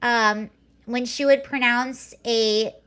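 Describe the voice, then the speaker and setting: A woman with a somewhat high voice hosts a casual livestream. She chats sarcastically, laughs often and reads viewer comments aloud. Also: fairly even intonation, slow, bright, forceful tone, clear, resonant tone. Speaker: livestream host. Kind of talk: casual chat reacting to clips and comments.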